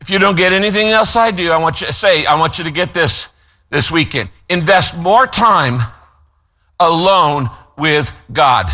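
A man preaching a sermon as pastor, emphatic, slowing down to stress key phrases and telling listeners what to write down. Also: a little high, animated, sharp tone. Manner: gives note-taking instructions to listeners.

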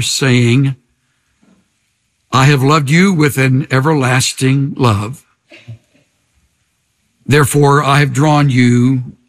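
An older man preaching a sermon in an earnest, emphatic way, slowing to soft pauses. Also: medium pitch.

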